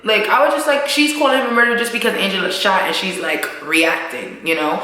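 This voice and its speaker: Slangy woman vlogger doing a show recap, bright voice, swears a lot, echoey room. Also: mid-range voice, fast talker. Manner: animated, slangy, swears, acts out characters' lines. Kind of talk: casual TV recap.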